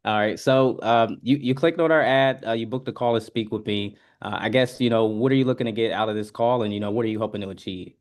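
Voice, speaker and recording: A man's voice: lowish voice, steady tone, quick pace, hardly any pauses. A man practicing a sales opener on a video call, hesitant and often starting over. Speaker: sales trainee.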